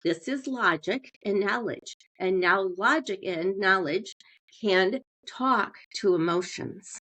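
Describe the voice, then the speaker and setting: A middle-aged woman, a family therapist, explaining in an interview and slowing down on purpose to show how tone changes meaning. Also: mid-range voice, a bit bright. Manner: slows down deliberately, demonstrates tone changes. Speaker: marriage and family therapist guest.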